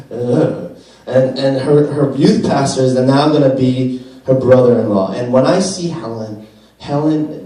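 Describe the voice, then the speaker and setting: A man's voice: mid-range voice, dark tone. Earnest young man preaching in an echoey room. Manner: earnest, repetitive, rhetorical questions. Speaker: youth pastor. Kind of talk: sermon. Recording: very echoey room, distant mic.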